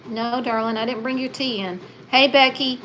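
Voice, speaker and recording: This Southern woman's voice sits on the high side, fairly bright, with fairly even intonation and a normal speaking speed. She hosts a relaxed livestream, chatting and reading viewers' comments aloud, on a low-quality recording with slight background noise.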